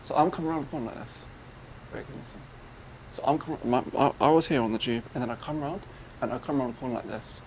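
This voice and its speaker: Animated man telling a story. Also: mid-range voice, fast, gravelly, slight background noise, low-quality recording. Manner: animated, acts out other people's lines. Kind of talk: casual retelling.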